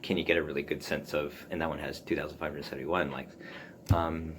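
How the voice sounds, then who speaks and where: A man hosting a solo podcast, musing aloud about writing in a halting way, full of ums and restarts. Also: very deep voice, level tone, noisy background. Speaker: podcast host. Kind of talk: casual solo talk on writing.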